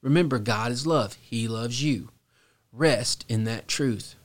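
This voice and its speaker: A middle-aged man, a pastor, teaching on a devotional podcast in a slow, reflective and earnest way, dropping to a soft hush at pauses. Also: medium pitch.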